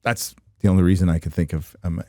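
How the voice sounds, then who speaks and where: A man's voice: deep voice, steady tone, fast talker, a little mellow, dry recording, studio quality. Sarcastic joking man hosting a stream. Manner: joking, sarcastic, laughs often. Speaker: livestream show host. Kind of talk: casual reaction chat.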